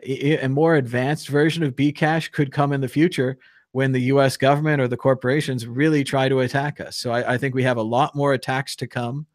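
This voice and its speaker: A man hosting a live call-in talk show, speaking in an animated, opinionated way with geeky tangents. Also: mid-range voice, dry recording, studio quality. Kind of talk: casual live call-in discussion.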